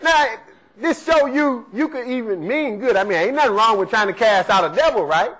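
A man's voice: very high voice, expressive, normal speed, fairly bright tone, rough recording. A male preacher giving a conversational sermon, often asking "right?" as he teaches. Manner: preaching in a conversational style, asks "right?" again and again.

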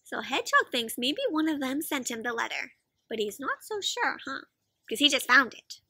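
A woman reading aloud to children with a high, very bright voice, animated and full of questions to her young listeners. The recording is close and dry, with no room sound at all. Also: moderate pace, gravelly, no echo. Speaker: children's storyteller. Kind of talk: interactive read-aloud for kids.

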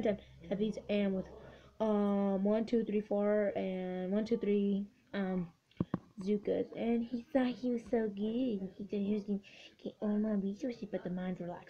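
A woman giving excitable, swearing let's-play commentary, cheering on her units. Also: mid-range voice, measured pace. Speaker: gamer. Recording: dull lo-fi recording with faint hiss.

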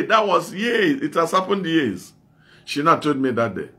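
A man's voice: fairly high pitch, big pitch swings, unhurried, bright, forceful tone. A middle-aged male evangelist preaching a sermon, asking emphatic repeated questions and telling his stories in a plain, unscripted way.

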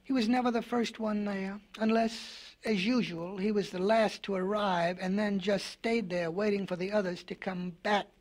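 A man narrating a storybook record in a gentle, whimsical, folksy way. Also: sits high.

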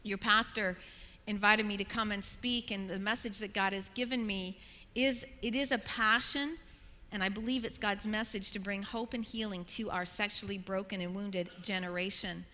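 A woman's voice: mid-range voice, fairly even intonation, moderate pace. Chatty Canadian-raised woman speaker in a church. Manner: chatty, self-deprecating, conversational. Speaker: guest speaker. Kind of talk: personal testimony sermon. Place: church sanctuary. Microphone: clip-on mic. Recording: dull reverberant church recording.

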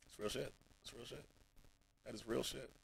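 A man's voice: medium pitch, fairly even intonation, moderate pace, gravelly, rough recording. A male streamer talking to his chat in a rambling, heartfelt way, emotional and close to tears, often dropping almost to a mumble. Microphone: streaming mic.

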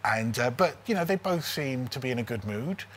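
Medium-pitched and a little fast, this man in his forties is a comedian guest spinning casual, funny stories. He's animated and keeps ending lines with "right?", over a faint hiss in the background.

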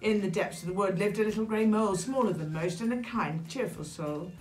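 A British woman in her sixties reading a rhyming children's picture book aloud, animated and expressive with dramatic gasps. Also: mid-range voice, brisk, faint music behind. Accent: British English. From England. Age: 60s. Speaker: children's story reader. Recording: echoey room.

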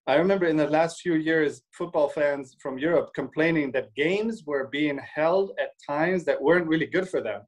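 A man's voice: on the high side, poor audio. A man co-hosting a casual discussion, thinking aloud with many restarts and acting out imagined quotes. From Germany. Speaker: co-host.

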